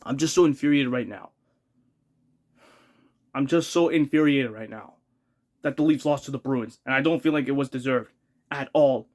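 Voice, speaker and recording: A man's voice: mid-range voice, moderate pace, long pauses. A man ranting as a hockey fan in a vlog, exasperated, repeating himself and swearing in rising outbursts.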